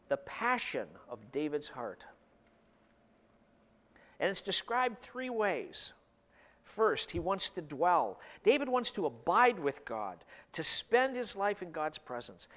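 A middle-aged man delivers a sermon in a fairly high voice, his words trailing off into a long hall reverb. He swings between emphatic bursts and quiet, drawn-out passages. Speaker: pastor.

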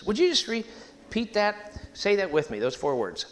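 A man preaching a sermon in a church, emphatic and animated, leading the congregation to repeat phrases after him. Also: high-pitched, unhurried. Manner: sings hymn lines at the start.

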